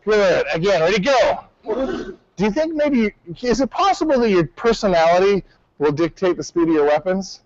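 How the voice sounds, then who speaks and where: Man, martial arts instructor, high voice, commanding, barking drill counts, dry muffled sound. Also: lively intonation, moderate pace, a little mellow, no room sound. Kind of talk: class instruction.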